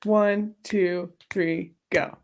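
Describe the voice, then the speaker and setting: A woman's voice: lowish voice, steady tone, extremely slow. A young woman co-hosting a casual livestream, playful and giggly as she counts off game rounds. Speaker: co-host.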